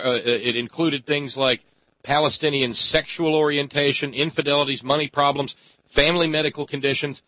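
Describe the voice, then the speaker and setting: A man's voice: on the high side, steady tone, no echo. Talk radio host guy, emphatic, lots of ums and uhs, dry slightly dull studio sound. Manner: emphatic, drawn-out phrasing with many fillers. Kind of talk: talk radio monologue and call-in chat.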